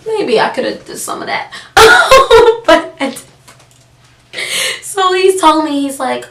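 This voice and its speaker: A young woman telling a personal story on her vlog, sarcastic and animated, acting out the people she quotes. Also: sits high, takes it slowly, vocal fry, pauses often. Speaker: vlogger. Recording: roomy, from a distance.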